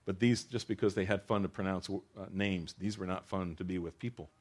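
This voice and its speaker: Male pastor, lower register, earnest sermon delivery, stumbles and restarts, emphatic swells. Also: steady tone, fairly quick. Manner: earnest preaching with frequent restarts and rising emphatic bursts.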